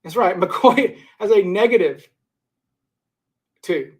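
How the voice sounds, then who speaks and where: A man's voice: sits high, expressive, slow pace. A man hosting a live stream, casually reading viewer comments and rambling through his scoring of suspects. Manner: rambling, repeats and restarts while scoring suspects. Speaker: livestream host.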